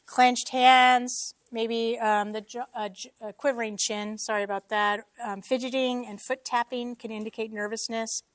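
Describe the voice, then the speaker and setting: Lively woman teaching a church congregation. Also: a little high, normal speed, hardly any pauses, no echo. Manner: self-deprecating, joking, lively asides. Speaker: church speaker. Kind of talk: casual teaching talk to a congregation.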